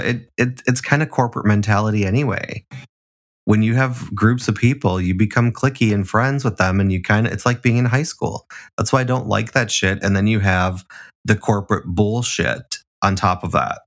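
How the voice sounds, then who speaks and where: A man's voice: fairly low pitch, moderate pace. A man co-hosting a casual chat podcast, laid-back, swearing freely and laughing often. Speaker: podcast co-host.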